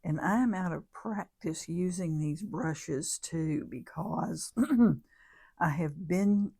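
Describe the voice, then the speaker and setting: A woman's voice: on the low side, slow pace, gravelly, warm tone, breathy edge. A woman chatting casually while she demonstrates a craft, rambling and thinking aloud as she corrects herself. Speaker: craft vlogger. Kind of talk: casual crafting demo chat.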